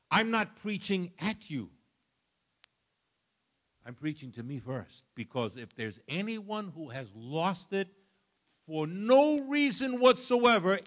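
An older man preaching a sermon, telling stories with humor and sudden jumps in volume. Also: high-pitched. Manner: animated, storytelling with humor and sudden shifts of volume.

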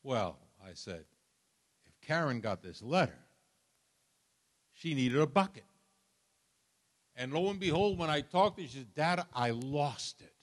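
A man's voice: a little high, a little slow, pauses often. An older man preaching a sermon, telling stories with humor and sudden jumps in volume. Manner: animated, storytelling with humor and sudden shifts of volume.

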